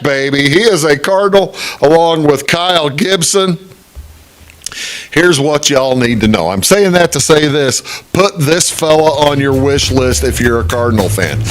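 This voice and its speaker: A man hosting a relaxed sports chat show. His fairly high voice leaps up and drops down all the time, and he fills pauses with "uh" as he talks things through. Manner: lively, swooping pitch with frequent fillers. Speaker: show host. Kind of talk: casual sports talk to camera.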